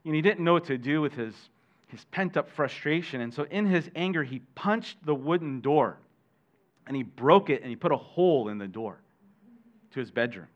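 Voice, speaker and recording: A middle-aged man preaching a sermon as pastor, animated, questioning his listeners and adding jokey asides. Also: a little high, moderate pace. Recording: dull lo-fi sermon recording.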